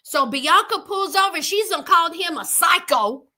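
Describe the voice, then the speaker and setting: A woman's voice: extremely high pitch, lively intonation, normal speed, pushed and bright. A woman giving outspoken reaction commentary on a reality show, calling her viewers honey.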